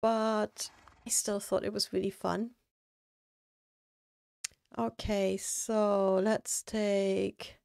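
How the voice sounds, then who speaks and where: A woman's voice: mid-range voice, creaky, no echo. A woman streaming a building game, chatting casually with viewers and thinking aloud with lots of fillers. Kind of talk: casual live-stream chat.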